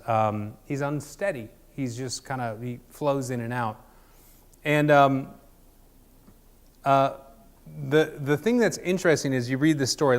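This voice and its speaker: A man preaching a casual sermon, conversational and jokey, with many ums and restarts. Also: medium pitch. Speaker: pastor.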